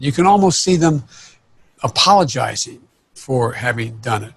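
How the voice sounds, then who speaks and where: An older man who stutters, talking in a halting, paced way with many restarts as a panelist on a video call. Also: medium pitch, animated, vocal fry, slightly rough. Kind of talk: casual conversation on a video panel.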